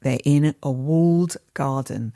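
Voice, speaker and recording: Middle-aged woman, deep speaking voice, casual rambling podcast chat, dry close mic. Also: mellow, no room sound. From England. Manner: chatty, rambling storytelling with quick asides. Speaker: podcast co-host.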